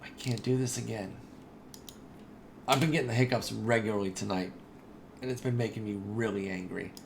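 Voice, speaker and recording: A man giving casual, chatty commentary over his own game playthrough, excitable and talking straight to his viewers. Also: fairly low pitch, a little fast, gravelly, noisy background. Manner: chatty and excitable, says dude and y'all. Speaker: gaming video host.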